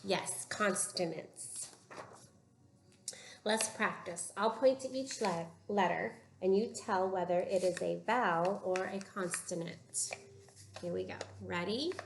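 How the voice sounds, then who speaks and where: Woman teacher, very slow and patient phonics delivery, gravelly edge, echoey room with faint hum. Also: mid-range voice. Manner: slow, patient, drawn-out word modeling. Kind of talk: phonics lesson for young children.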